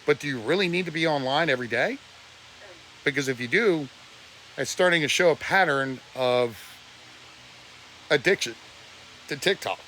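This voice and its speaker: A man's voice: fairly high pitch, normal speed, pauses often, pushed and bright, slight background noise. A man ranting on a live stream, preachy and blunt, his voice close to breaking with emotion. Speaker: livestreamer.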